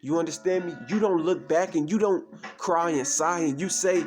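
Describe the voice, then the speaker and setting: Male preacher, fairly high voice, verse-by-verse teaching with a call-and-check refrain. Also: moderate pace, faint music behind. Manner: repeats "you understand me?" as a refrain; reads verses aloud, then explains them. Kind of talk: scripture teaching.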